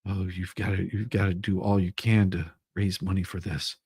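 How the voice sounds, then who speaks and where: A man mocking a fundraiser pleading for donations in a hushed, wheedling voice. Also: deep voice, little pitch movement, moderate pace, husky, dry recording, clean studio sound, pitched below the performer's own voice, heavily acted.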